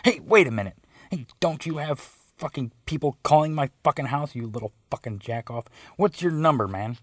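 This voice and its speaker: A man's voice: fairly high pitch, expressive, moderate pace, no echo, clean studio sound. A man voicing an angry, profane middle-aged man on the phone, blustering threats.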